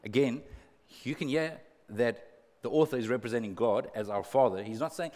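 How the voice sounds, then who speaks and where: A man's voice: medium pitch, moderate pace, dark tone, in a large hall. A male pastor preaching a sermon in an earnest way, repeating words for emphasis and adding humorous asides. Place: church auditorium.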